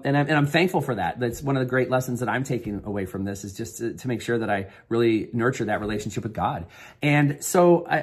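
A middle-aged man sharing a personal story and giving an earnest motivational pep talk, rambling with restarts. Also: mid-range voice. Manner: earnest, rambling with restarts, rises to upbeat coaching. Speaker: motivational speaker.

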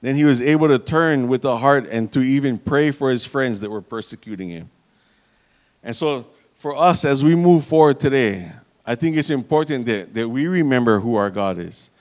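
A man's voice: mid-range voice, expressive, normal speed. A man preaching a sermon in an earnest manner, calling out to the congregation and restarting phrases as he goes.

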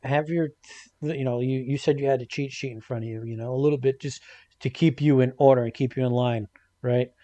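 A man co-hosting a casual podcast, speaking haltingly with repeated restarts. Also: medium pitch, fairly even intonation, mellow, no room sound, lo-fi sound.

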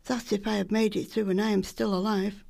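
A woman's voice: medium pitch, level tone, brisk, creaky, a little mellow. Lancashire woman reading her poems. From Salford, England. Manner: homely, storytelling. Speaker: poet. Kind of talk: poetry reading.

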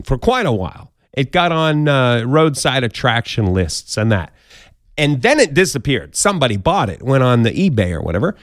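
A man's voice: mid-range voice, no echo, studio quality. Playful man hosting a jokey podcast. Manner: jokey, playful asides, bouncy delivery. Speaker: podcast host. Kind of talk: casual comedic news countdown.

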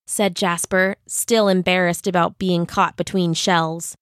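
A woman narrating a children's story in a gentle, expressive way. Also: on the low side, unhurried, hardly any pauses, no echo, studio quality.

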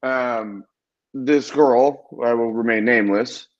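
A man's voice: medium pitch, takes it slowly. Young man, from Ohio, casual storytelling, swears a lot, muffled lo-fi sound. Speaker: podcast co-host. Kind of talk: casual chat. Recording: dull lo-fi sound.

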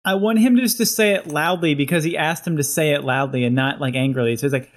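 A man in casual chat about his comedy sketch, relaxed and agreeable, hedging with filler words. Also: on the high side, fast. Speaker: comedy writer.

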